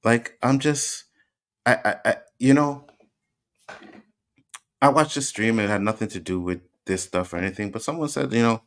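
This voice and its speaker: A man's voice: mid-range voice, moderate pace, long pauses, a bit bright. A Canadian man with some Jamaican slang, hosting a livestream and emphatically arguing back at his chat, repeating his points. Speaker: host. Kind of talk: livestream commentary reacting to chat.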